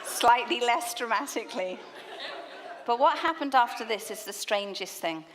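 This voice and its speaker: Animated woman telling a sermon story. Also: on the high side, normal speed, a loud crowd, heavy background noise. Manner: animated storytelling with laughter and asides. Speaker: conference speaker. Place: conference hall.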